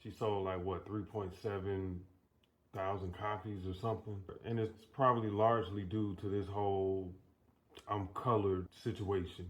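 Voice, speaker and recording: A man's voice: sits low, little pitch movement, moderate pace. A man hosting casual commentary and telling a story in a loose, profane way, with many restarts. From United States. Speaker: commentary host.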